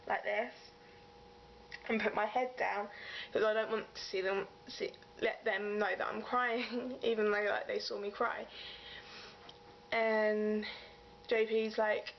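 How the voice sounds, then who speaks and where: Gravelly young englishwoman gushing through a story. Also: mid-range voice, flat delivery, slow, long pauses. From England. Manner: gushing, rambling retelling full of "like". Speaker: vlogger. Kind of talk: casual storytelling. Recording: dull lo-fi sound with faint hiss.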